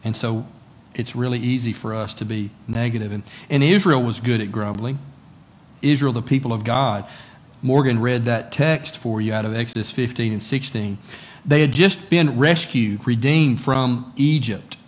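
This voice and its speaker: A pastor with a medium-pitched, steady voice preaches at a moderate pace in a conversational style. He often poses rhetorical questions to his listeners and repeats words for emphasis.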